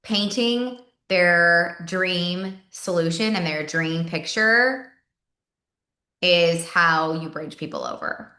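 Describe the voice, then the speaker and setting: Bright-voiced chatty woman trainer, echoey room. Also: fairly low pitch, takes it slowly. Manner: chatty, repeats words, acts out sample messages. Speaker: sales team trainer. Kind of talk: casual team training talk.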